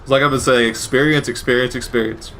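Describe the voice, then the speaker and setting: Man, bright voice, wry rambling gameplay commentary, faint noise behind. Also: medium pitch, steady tone, fast talker. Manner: rambling, wry, self-correcting. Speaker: gaming commentator.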